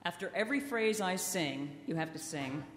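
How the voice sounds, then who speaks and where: A woman's voice: on the low side, lively intonation, normal speed. A woman singer teasing and coaxing a live audience between songs, in a playful, joking manner, heard through a stage microphone. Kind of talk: stage banter with a concert audience. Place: concert hall. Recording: echoey live hall with music.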